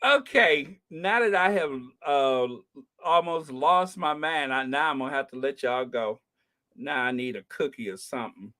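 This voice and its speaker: A woman hosting a live commentary stream, ranting in an animated, heckling way and laughing often. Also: deep voice, normal speed. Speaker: channel host.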